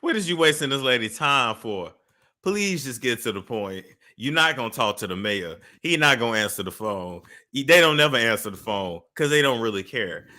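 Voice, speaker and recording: A man's voice: mid-range voice, animated, moderate pace, sharp tone. A man hosting a gossip show, mocking a played phone call, laughing and repeating the caller's words in a put-on voice. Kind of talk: commentary over a played call.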